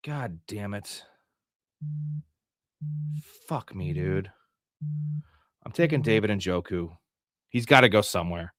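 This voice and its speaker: Profane, excitable man streaming a draft. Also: fairly low pitch, slow pace, long pauses, no room sound, studio quality. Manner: profane, frustrated, outbursts of yelling. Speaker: fantasy football live show host. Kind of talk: live-streamed draft commentary.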